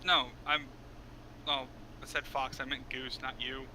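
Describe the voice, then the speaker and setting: A man's voice: medium pitch, flat delivery, a little slow, bright, forceful tone, slight background noise. A man running a tabletop game as game master, laughing easily and tripping over his words as he corrects himself.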